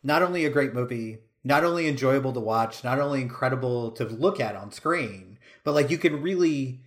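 A man's voice: medium pitch, expressive, normal speed. A man co-hosting a podcast, chatting enthusiastically about films. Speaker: podcast co-host. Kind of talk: casual film discussion.

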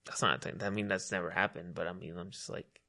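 A man's voice: sits low, steady tone, fast talker, vocal fry, sharp tone. A young man, rambling in casual chat, heavy on "like" and "dude".

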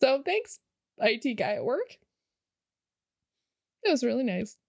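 A woman's voice: fairly high pitch, big pitch swings, measured pace, creaky, darkish tone, husky, dry recording, studio quality. A young woman chatting casually on a podcast, saying "like" a lot and laughing often. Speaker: podcast co-host. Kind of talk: casual chat.

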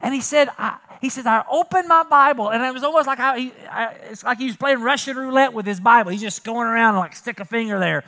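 A male pastor preaching a sermon in a church, moving from quiet storytelling to loud emphatic preaching. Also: extremely high pitch, fast, hardly any pauses. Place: church sanctuary.

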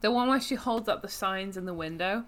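A woman's voice: mid-range voice, brisk. A woman co-hosting a casual chat about her writing, giggly and rambling.

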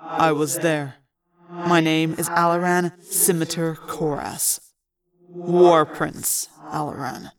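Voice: flat delivery, takes it slowly, music in the background. A reader voicing a cold, menacing alien war prince. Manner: low, clipped, threatening. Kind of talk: audiobook reading.

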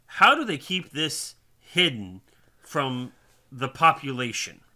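A man's voice: mid-range voice, sing-song, bright, forceful tone. A man co-hosting a podcast, chatting casually about a TV series in a thoughtful way with many ums. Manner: thoughtful, with many ums and some quick bursts. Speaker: podcast co-host.

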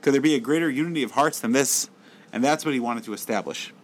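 Man telling a lively Torah story. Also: mid-range voice, fast, slight background noise, rough recording. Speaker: Torah teacher. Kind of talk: storytelling lecture.

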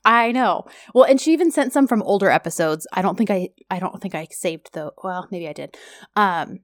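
A woman's voice: mid-range voice, animated, moderate pace, no room sound, clean studio sound. A woman co-hosting a podcast in casual chat, rambling and chatty with plenty of filler words. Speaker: podcast co-host.

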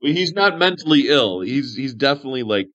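A man's voice: mid-range voice, sing-song, a little fast, lo-fi sound, a crowd in the background. A man narrating as game master in a casual, loose way, with fillers. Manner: casual, describes actions with fillers.

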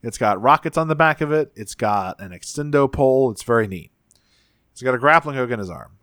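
A man's voice: mid-range voice, animated, fairly bright tone, no room sound, clean studio sound. A man co-hosting a podcast, casually recapping a cartoon episode in a rambling, profane way and acting out characters' lines. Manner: rambling, profane, retells scenes with quick voices. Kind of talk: casual chat.

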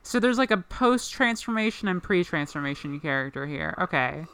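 A woman's voice: lowish voice, expressive, moderate pace, fairly bright tone, clear, resonant tone. A woman co-hosting a podcast in casual chat, rambling with lots of "like" fillers. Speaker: podcast co-host.

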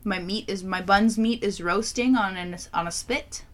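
A young woman co-hosting a casual beer-tasting chat, joking and animated with crude humor. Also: mid-range voice, normal speed. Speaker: podcast co-host.

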